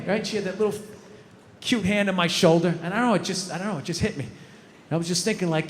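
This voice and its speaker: A middle-aged man performs stand-up on the stage of a large venue, ranting in exasperation, swearing, and acting out scenes. His voice is high, animated, fast, and a bit bright. The recording has live hall reverb, faint crowd ambience, and a little hiss or hum.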